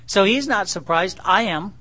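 A man's voice: sits high, animated, normal speed, sharp tone. A middle-aged man preaching a sermon in a conversational, joking way, acting out his own dialogue with God. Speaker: pastor.

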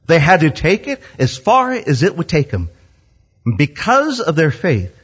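Male preacher, husky and lively, dull lo-fi recording. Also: on the high side. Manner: animated storytelling, acts out quotes. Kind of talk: sermon. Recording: dull lo-fi sound.

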